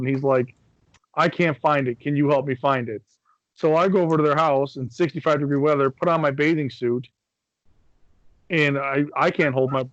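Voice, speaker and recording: His voice is on the high side, and the audio is dull with no echo. A middle-aged man from Michigan, USA, he co-hosts a podcast, telling a long rambling story in casual chat while swearing freely and acting out what people said.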